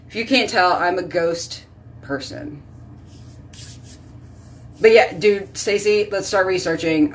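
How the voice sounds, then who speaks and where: A woman's voice: on the low side, far from the mic, a little hiss or hum. A woman hosting a casual live stream, chatting with viewers by name and rambling from topic to topic. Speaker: host reading live chat.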